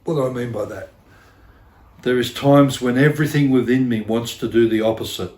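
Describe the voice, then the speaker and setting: A man's voice: mid-range voice, normal speed, a little mellow, reverberant. A middle-aged man preaching a sermon as pastor, earnest and repeating key phrases for emphasis, with self-deprecating asides. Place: church.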